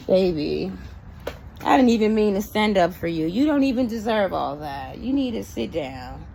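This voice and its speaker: Blunt, exasperated young woman with lively pitch. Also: unhurried, creaky, a little hiss or hum. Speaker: host reacting to a video. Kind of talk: casual reaction commentary.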